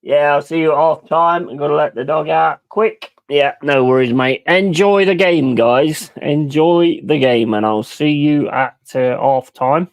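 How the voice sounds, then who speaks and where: A man hosting a football watch-along stream, talking casually and swearing freely, swinging from loud outbursts to low mumbled asides. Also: steady tone, measured pace, few pauses, no echo. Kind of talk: casual live-stream chat.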